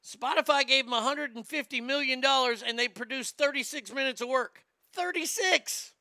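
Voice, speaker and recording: A man's voice: very high voice, steady tone, brisk, creaky, pushed and bright, no room sound, studio quality. A man hosting a comedic rant, profane, mocking and rambling.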